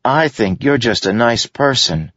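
A man doing a young street urchin boy who talks bluntly in slang, with a raised, husky voice. It is a storybook reading on a dry, muffled recording. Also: medium pitch, animated, a little slow, fairly bright tone, no echo, pitched above the performer's own voice.

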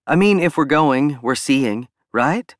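A man's voice: mid-range voice, animated, slow, no echo, clean studio sound, voice pushed up. A man doing an upbeat woman traveler. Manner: cheerful, matter-of-fact.

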